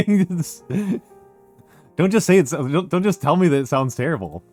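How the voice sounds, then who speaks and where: A man's voice: fairly high pitch, expressive, moderate pace, darkish tone, soft background music. A man hosting a stream, chatting casually and laughing often. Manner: laughs often, loose and joking. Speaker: streamer host.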